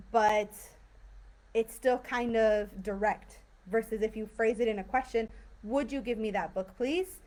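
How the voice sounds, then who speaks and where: A woman's voice: fairly high pitch, a little mellow. A woman teaching English grammar in a live online class, explaining patiently and acting out example sentences in different tones. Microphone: video call.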